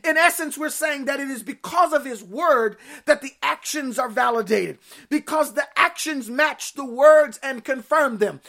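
A woman preaching a sermon with emphatic call-and-response, repeating key phrases and breaking into sudden shouts. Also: high voice.

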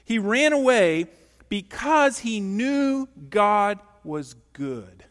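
A male pastor preaching a sermon, emphatic and animated, asking the congregation questions in a church. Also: sits high, drawn-out words, long reverb tail.

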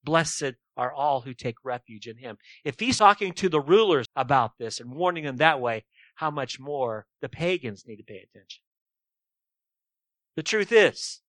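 Preacher man, high voice, emphatic, dry close sound. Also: fairly bright tone, dry recording. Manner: emphatic, asks rhetorical questions. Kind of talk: sermon.

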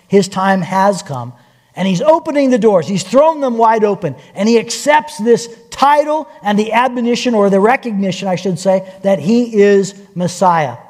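A man preaching a sermon as pastor, telling stories with lively acted-out voices. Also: high-pitched. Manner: animated storytelling, acting out quoted voices. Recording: long hall reverb.

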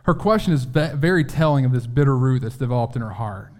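A man's voice: medium pitch, lively intonation, fast, a little mellow. A man preaching a sermon in a conversational way, acting out quotes and often restarting his sentences.

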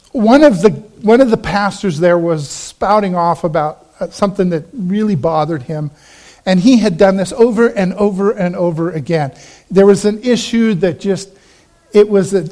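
A middle-aged man with a rather high voice delivers a sermon in an easy, conversational way. He tells a personal story and drops to a lower voice when he quotes his friends. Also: a little mellow. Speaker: pastor.

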